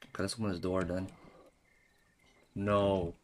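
A man's voice: low-pitched, flat delivery, measured pace, slight background noise. A man giving jumpy, exclaiming gameplay commentary as a gaming YouTuber, calling out "bro" and "dude" as he plays.

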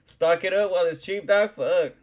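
A man's voice: sits high, moderate pace. A man, chatting casually on a livestream, rambling and swearing in heavy slang. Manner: profane, slangy, rambling, keeps saying "dog".

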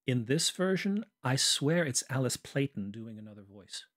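A man's voice: mid-range voice, sing-song, moderate pace, hardly any pauses, a bit bright. A man co-hosting a podcast, recounting film scenes in careful, methodical detail in casual review chat. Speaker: podcast co-host.

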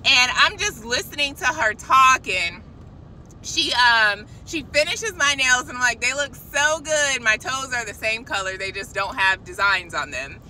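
A woman telling a casual, animated faith testimony, chatting directly to her viewers. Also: a little high, measured pace, slight background noise, poor audio. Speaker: christian vlogger.

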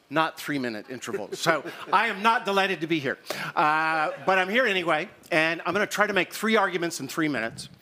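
Man, middle-aged, fairly high and bright voice, candid off-the-cuff debating. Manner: candid, conversational, hurried against the clock. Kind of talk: extemporaneous debate opening statement. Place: conference stage.

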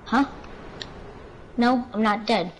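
A woman's voice: a little high, slow, slight background noise, rough recording. A woman streaming a video game live, exasperated, repeating exclamations and shrieking when her character dies. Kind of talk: live gameplay chatter.

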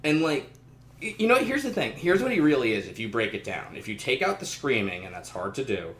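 A man co-hosting a casual podcast chat, animated and profane, breaking into loud mocking impressions. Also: mid-range voice, brisk, echoey room, slight background noise. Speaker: podcast co-host.

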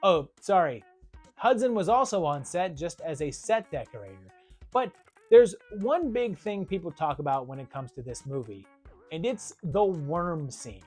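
Lively, wry horror film reviewer. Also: medium pitch, moderate pace, faint music behind. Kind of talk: scripted video review narration.

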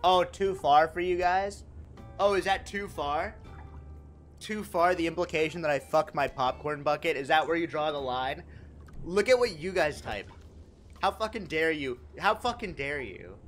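A young man live-streaming in casual chat, animated and profane as he jokes back at his viewers. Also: fairly high pitch, normal speed, soft background music. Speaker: livestreamer.

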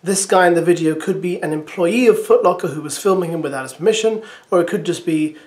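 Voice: medium pitch, quick pace, darkish tone. A reaction video host giving chatty, hesitant commentary to camera, musing aloud.

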